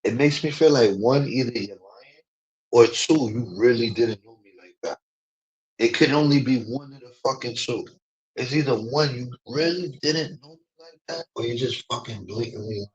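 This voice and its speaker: A man's voice: medium pitch, normal speed, highs cut off. Profane, ranting man streamer. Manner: profane, emphatic, repetitive fillers. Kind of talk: heated casual rant.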